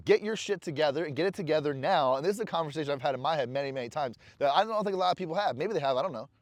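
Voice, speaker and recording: Rapid-fire and animated, this fairly high-pitched male voice is recorded dry. Cigar in hand, the vlogger speaks bluntly and profanely to the camera, a candid, rambling bit of self-talk in a casual motivational vlog.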